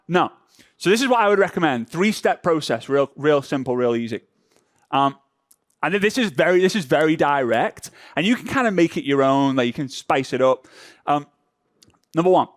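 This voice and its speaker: Presenting a workshop, a man speaks at normal speed with a slightly raised, a little high, animated voice. He playfully acts out the small reactions people have while texting, and the sound is dry and close with no echo.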